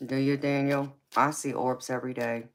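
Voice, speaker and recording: A woman hosting a tarot live stream with a raspy voice. She answers viewers in a casual, forthright way and calls them baby and honey. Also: rumbling low, little pitch movement, moderate pace. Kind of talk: casual live-stream chat reading comments. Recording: clear background noise.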